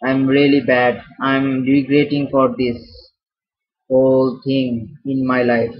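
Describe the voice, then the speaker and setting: A man's voice: medium pitch, level tone, takes it slowly, slightly rough. A man teaching a chemistry tutorial while he writes. He talks casually, stumbles over and restarts words, jokes at his own expense and calls viewers "fellas.". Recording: dull lo-fi sound.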